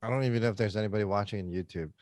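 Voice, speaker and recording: A man's voice: on the low side, racing, darkish tone, dry recording, studio quality. A man co-hosting a casual podcast chat, rambling and joking with frequent laughs. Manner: rambling, jokey, laughs often. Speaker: podcast co-host.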